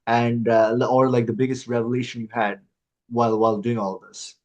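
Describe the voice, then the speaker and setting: A man's voice: medium pitch, level tone, a little fast, dull audio. A man hosting a podcast interview, asking a long question in a hesitant way, full of fillers and restarts. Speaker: podcast host.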